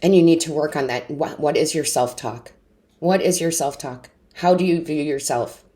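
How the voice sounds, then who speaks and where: This tarot reader's mellow voice sits low and moves at a normal speed as she gives an intuitive reading to camera. Though tearful and emotionally overwhelmed, she remains earnest and encouraging and leans on rhetorical questions.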